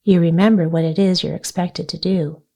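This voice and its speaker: A woman voicing a gentle, earnest young girl in a storybook reading, sounding a little plaintive. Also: lowish voice, steady tone, normal speed.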